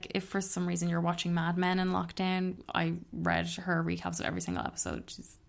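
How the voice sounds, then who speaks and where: A woman with a slightly low voice, brisk pace and vocal fry co-hosts a casual book club podcast, talking candidly and chattily and swearing freely. Street traffic drifts in through an open window behind her.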